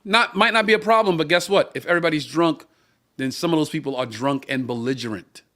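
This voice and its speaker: On a live-streamed talk show he co-hosts, a middle-aged comedian races through a long, profane anecdote, impersonating the people involved. His male voice is fairly high and a bit bright.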